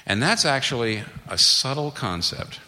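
A man's voice: medium pitch, expressive, normal speed, bright, forceful tone. A man preaching a sermon earnestly and emphatically, often restarting his phrases as he builds a point. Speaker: pastor. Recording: long reverb of a large hall.

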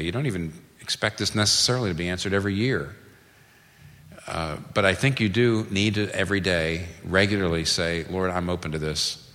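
A pastor with a low voice and a sharp tone preaches earnestly and emphatically. He frequently restarts his phrases while building a point, and his words ring with the long reverb of a large hall.

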